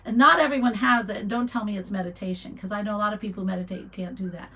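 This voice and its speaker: A woman's voice: mid-range voice, fairly even intonation, rapid-fire, slightly rough, poor audio. Chatty woman hosting a livestream. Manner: chatty, reads viewer comments aloud, warm encouragement. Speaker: livestream host. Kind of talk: casual livestream chat.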